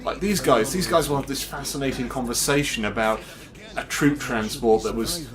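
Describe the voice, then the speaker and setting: A man's voice: medium pitch, normal speed, a crowd in the background. A man casually and enthusiastically commenting over gameplay at home on a headset mic. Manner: chatty, enthusiastic, laughs often.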